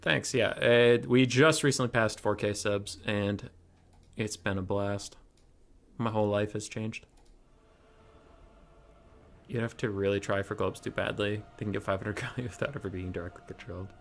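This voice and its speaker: A man's voice: on the low side, steady tone, moderate pace, vocal fry, pauses often. A young man casually commentating his own strategy game stream, chatty and thinking aloud.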